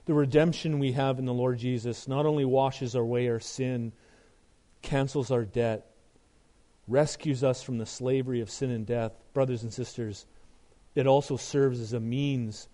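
A middle-aged male pastor preaching a sermon, emphatic, asking rhetorical questions and dropping to a soft, earnest tone. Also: mid-range voice, fairly even intonation, moderate pace.

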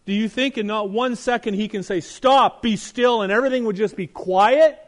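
A middle-aged male pastor delivers a sermon emphatically, posing rhetorical questions and then dropping into a soft, earnest tone. His voice sits high and his pace is brisk.

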